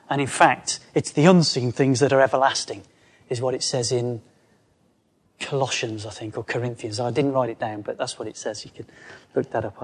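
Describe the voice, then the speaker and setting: A man preaching a conversational sermon, lively, acting out quoted voices as he goes. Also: medium pitch, breathy edge.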